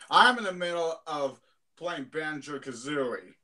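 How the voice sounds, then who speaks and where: A man's voice: a little high, expressive, slow. A man co-hosting a podcast in laid-back, rambling banter. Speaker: podcast co-host. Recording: loud background noise.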